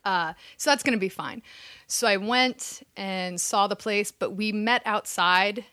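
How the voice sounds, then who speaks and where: A woman's voice: medium pitch, measured pace, no echo, studio quality. A woman in her thirties casually telling a personal story, acting out what people said. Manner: animated storyteller acting out quotes. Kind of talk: casual anecdote.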